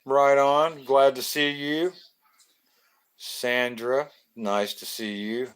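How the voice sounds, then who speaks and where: A man's voice: mid-range voice, fairly even intonation, slow pace, clear, resonant tone. A man, from Florida, hosting a casual live stream, greeting viewers by name in a loose, joking way.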